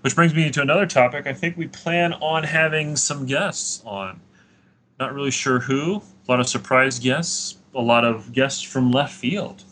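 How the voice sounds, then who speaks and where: A man's voice: mid-range voice, a little slow, a bit bright, slight background noise. A man co-hosting a podcast in casual chat, upbeat as he plugs the show. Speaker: podcast co-host.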